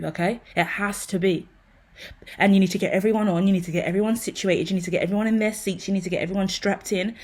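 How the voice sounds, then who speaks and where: A woman's voice: medium pitch, steady tone, fast talker. A woman giving an improvised tarot reading, rambling and intense, swearing freely as she talks. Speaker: tarot reader.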